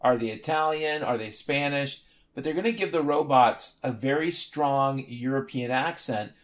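A man's voice: mid-range voice, moderate pace. Sardonic, profane man ranting solo. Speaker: podcast host. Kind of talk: rambling solo podcast monologue.

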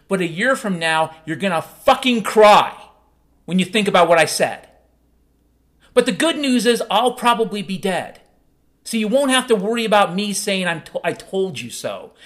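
A man hosting a podcast, delivering an angry, profane political rant that swings between loud outbursts and low muttering. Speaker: podcast host.

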